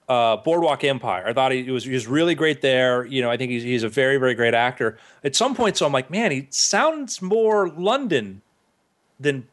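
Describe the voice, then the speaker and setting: Man, casual co-host chat, rambling, restarts a lot, eager, mid pitch. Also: a bit bright. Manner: enthusiastic, rambling with many restarts. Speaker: podcast co-host.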